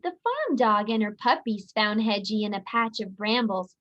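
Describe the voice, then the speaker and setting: A woman teacher reading a picture book aloud to children, speaking clearly and expressively. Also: mid-range voice, lively intonation, normal speed, few pauses, fairly bright tone. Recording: dull lo-fi audio.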